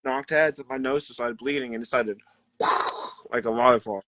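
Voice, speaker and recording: A young man, a wrestler, telling backstage stories in a rambling, animated way and laughing often. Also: mid-range voice, normal speed, slight background noise. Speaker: pro wrestler guest. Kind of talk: casual interview storytelling.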